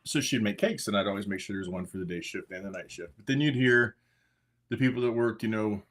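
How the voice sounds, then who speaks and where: A man with a slightly low voice co-hosts a casual livestream. He talks in a relaxed, teasing way and reads out viewer comments. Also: a little fast. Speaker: co-host, husband.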